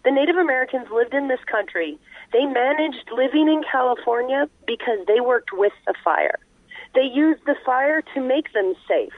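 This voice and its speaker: Speaking at a normal speed with lively intonation, a high-voiced woman guest on a call-in interview earnestly explains her views in long, run-on thoughts. She comes through a tinny phone line with no echo, in a conversational, explanatory way.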